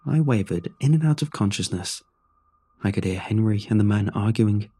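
Casual: low husky guy reading a creepy story, mellow dark tone. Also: expressive. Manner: somber, measured first-person telling. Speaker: narrator. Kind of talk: scripted horror story narration.

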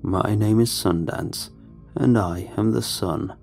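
A man voicing a creepy, frail male creature who calls himself the sun, with a slow, drawn-out, croaking voice. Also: on the low side, darkish tone, faint music behind. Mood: eerie.

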